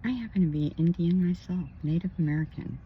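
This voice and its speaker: A woman's voice: on the low side, fairly quick, phone-quality sound, slight background noise. A woman working as a spiritual counselor, talking in a rambling personal vlog outdoors by a pond, emphatic with indignant asides.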